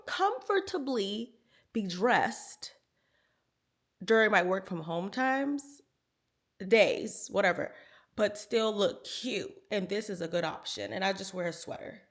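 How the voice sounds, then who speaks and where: A woman's voice: mid-range voice, unhurried. A woman in her thirties, a lifestyle vlogger telling a story to camera in a casual, chatty way, talking to viewers like friends. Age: 30s. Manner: animated, chatty, talks to viewers as "girl" and "y'all".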